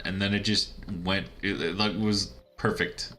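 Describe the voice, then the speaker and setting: A man's voice: on the low side, steady tone, a little slow, hardly any pauses, pushed and bright. A man giving casual, rambling commentary while playing a video game, chatty and laughing at his own asides. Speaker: let's-play gamer.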